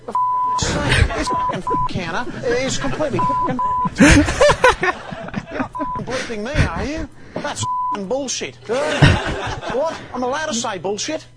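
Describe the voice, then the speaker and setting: A man's voice: very high voice, huge pitch swings, measured pace, pauses often, full character voice, rough recording. An actor with an Australian accent playing a crude, cocky hard man who swears constantly and rambles with stammered "uh"s in a TV comedy sketch. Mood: swearing rant.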